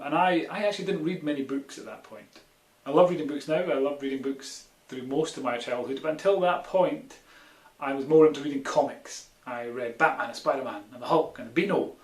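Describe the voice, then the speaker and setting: A man with a Scottish accent, a children's author telling an animated, casual story with many ums. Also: medium pitch. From Scotland. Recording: echoey room.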